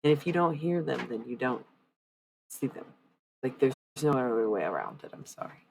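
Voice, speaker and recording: A woman talks loosely to her stream viewers while she reads oracle cards. Her voice sits low and carries a gravelly fry, and she drops the odd curse word. A faint hiss of noise sits under it. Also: big pitch swings, moderate pace, a little mellow, low-quality recording. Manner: loose and chatty, with many fillers and blunt swearing. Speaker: livestreamer giving oracle card readings. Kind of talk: casual live-stream chat with viewers.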